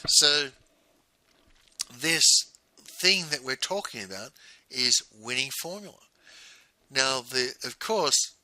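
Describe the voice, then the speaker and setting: Blunt man, very sharp voice. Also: medium pitch, low-quality recording. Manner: blunt, ends points with "right?". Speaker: business coach. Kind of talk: recorded teaching monologue.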